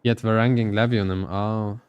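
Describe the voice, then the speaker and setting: Guy casting a strategy game live, lower voice, clean and smooth, kinda thinking out loud as he goes. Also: steady tone, fairly quick, no echo, lo-fi sound. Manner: loose, thinking-aloud play-by-play. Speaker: esports caster.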